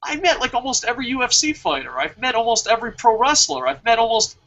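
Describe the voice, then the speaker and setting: Man, host, casual chat, rambling, profane, laughs often, high voice. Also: lively intonation, quick pace, gravelly, a bit bright, muffled recording. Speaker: wrestling show host.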